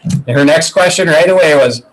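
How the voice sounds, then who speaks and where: Animated storytelling man, slightly higher voice. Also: moderate pace, poor audio. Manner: animated storyteller retelling conversations. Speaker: business coach. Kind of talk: casual podcast interview storytelling.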